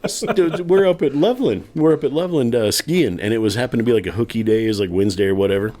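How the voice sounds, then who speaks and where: A man co-hosting a podcast, telling a story in a casual, animated way with laughter. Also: mid-range voice, quick pace. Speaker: podcast co-host.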